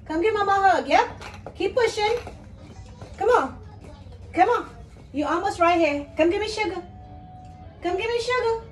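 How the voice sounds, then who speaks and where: High, lively, encouraging mother. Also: roomy sound. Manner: coaxing, encouraging, repeats short cheers. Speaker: mother vlogger. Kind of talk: coaching her young child through play.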